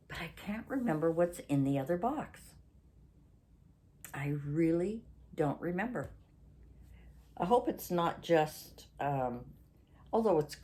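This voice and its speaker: Older woman, from Canada, low voice, slow and rambling, chatty craft vlog host. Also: a little mellow. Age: 60s. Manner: rambling, loses her train of thought; indignant ranting.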